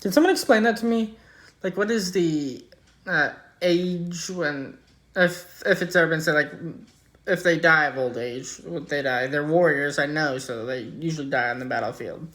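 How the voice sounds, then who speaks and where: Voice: medium pitch, normal speed, a bit bright. Casual reaction host, chatty and musing. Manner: musing, chatty, thinks aloud. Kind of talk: casual commentary.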